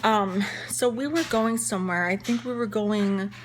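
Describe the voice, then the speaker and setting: A young woman tells a story to her viewers in a chatty, rambling way, full of fillers and restarts. Her voice sits at a middle pitch, with a faint hiss behind it. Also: normal speed. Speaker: vlogger. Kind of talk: casual story time.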